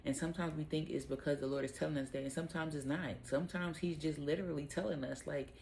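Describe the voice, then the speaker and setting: A woman hosting a casual devotional Bible talk, speaking in a relaxed, rambling way with lots of "um" and "like". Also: deep voice, quick pace, vocal fry, a little hiss or hum, low-quality recording. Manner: relaxed, rambling, heavy use of fillers like "um" and "like".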